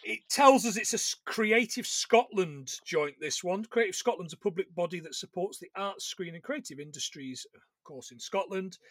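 Bright-voiced swearing podcast host. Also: male voice, high-pitched, expressive, normal speed, no room sound, clean studio sound. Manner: swearing, joking, laughs often. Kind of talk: casual film-review chat.

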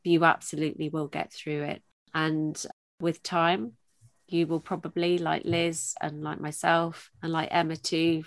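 A woman hosts her podcast with a low, heartfelt voice, talking openly and with feeling. The sound is dry and close, with no room around it. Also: no room sound. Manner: heartfelt, emotional, open. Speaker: podcast host. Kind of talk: podcast interview.

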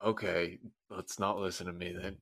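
A man's voice: deep voice, level tone, normal speed, a bit bright. A man playing a tabletop game, talking in sheepish, mumbled asides. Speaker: player.

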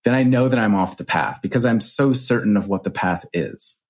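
A man in his thirties, a podcast guest and author, telling reflective stories in an earnest, animated way with casual swearing. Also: fairly low pitch, normal speed. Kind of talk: reflective storytelling.

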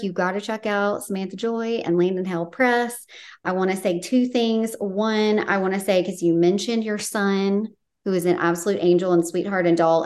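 With a mid-range, slightly mellow voice, a podcast host and author chats casually with her interview guest. She gets emotional while pouring out heartfelt praise for them.

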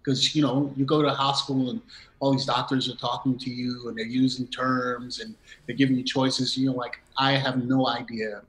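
A man's voice: medium pitch, little pitch movement, moderate pace, a bit bright, poor audio. A middle-aged man, a guest in a conversation, telling a personal story and acting out the quoted dialogue with bursts of laughter. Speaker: interview guest.

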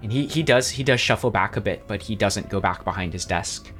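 A man's voice: on the low side, fairly quick, fairly bright tone, faint music behind. A man narrating a tabletop game as game master, speaking in a descriptive way with frequent restarts.

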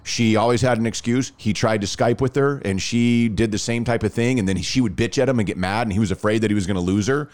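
Animated storytelling man, casual chat. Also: fairly low pitch, quick pace, hardly any pauses.

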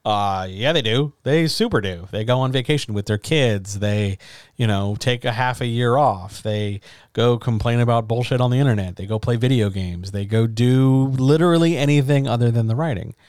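A man's voice: medium pitch, moderate pace, darkish tone, smooth, no echo. A male host talks through writing advice in an earnest, encouraging way, blunt and sometimes profane. His voice sits in a middle register. The recording is dry and close, with no room sound. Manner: earnest, encouraging, frank with swearing. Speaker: podcast host. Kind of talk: casual advice talk.

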